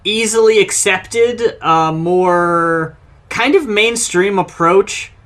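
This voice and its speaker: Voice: medium pitch, slow, a bit bright. A co-host on a casual album review podcast, giving blunt, dry opinions. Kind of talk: casual comedic review chat.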